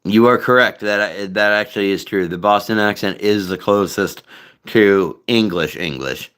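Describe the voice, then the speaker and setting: Man, live-stream host, casual rambling chat, profane, bright sharp voice. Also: on the low side, moderate pace, clear, resonant tone. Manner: profane, rambling, many fillers and restarts. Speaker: livestream host.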